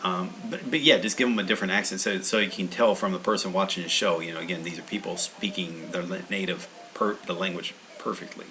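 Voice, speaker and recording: A man's voice: deep voice, fairly even intonation, fast, hardly any pauses, pushed and bright, rough recording. A man hosting a language-learning channel, talking in a meandering, casual monologue full of restarts.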